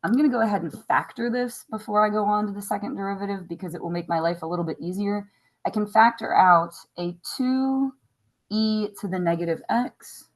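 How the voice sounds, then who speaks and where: A woman teacher going over a math test on a recording, chatty and wry, thinking out loud as she works. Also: medium pitch, low-quality recording. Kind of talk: recorded classroom lesson review.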